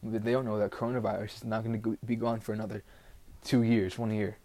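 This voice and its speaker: With a fairly low, dark, level voice and a quick pace, a teenage boy rambles through a casual solo podcast. His delivery is blunt and frustrated, full of "like" fillers.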